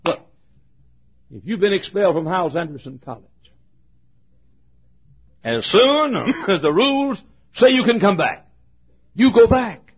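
Husky older preacher, fervent sermon. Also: male voice, sing-song, measured pace, long pauses. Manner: fervent preaching, swings from shouts to low asides. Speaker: pastor. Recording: dull lo-fi sermon recording.

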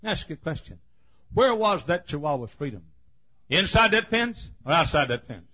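A man preaching a sermon, telling a folksy story and building to emphatic, forceful points. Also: fairly high pitch, very animated, moderate pace, slightly rough, highs cut off.

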